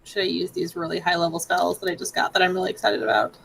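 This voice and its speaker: A woman's voice: fairly low pitch, flat delivery, quick pace, creaky, a bit bright, rough recording. A woman chats about her character during a tabletop game, reacting expressively. A faint hiss of noise sits behind her. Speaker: player. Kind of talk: casual tabletop play.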